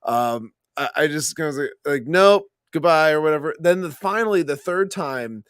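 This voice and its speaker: A male podcast co-host telling stories in a chatty, halting way, full of restarts. His voice is a little higher than most men's. It is recorded dry and close, with no room echo. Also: clean tone. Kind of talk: casual podcast chat.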